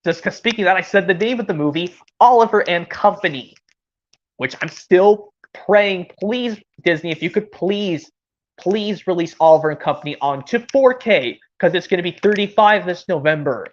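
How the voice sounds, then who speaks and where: A streamer who does voice impressions chats casually between them, rambling with enthusiasm. She speaks at a moderate pace in a fairly low voice, and the audio is dull and lo-fi.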